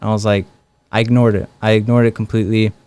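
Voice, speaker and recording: Smooth-voiced young man telling stories. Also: lowish voice, quick pace. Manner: relaxed, many fillers like "like" and "um". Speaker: guest. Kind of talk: casual storytelling interview.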